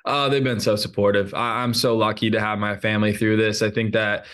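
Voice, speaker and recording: A man's voice: fairly low pitch, level tone, brisk, a bit bright. A man as a guest in a casual interview, earnest and open, often restarting his sentences. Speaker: reality show lead, guest.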